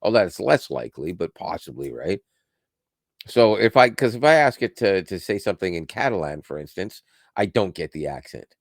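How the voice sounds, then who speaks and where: A man's voice: low voice, sing-song, normal speed, vocal fry, dry recording, studio quality. A man co-hosting a podcast, chatting casually about tech, rambling and correcting himself as he goes and laughing often. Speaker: podcast co-host.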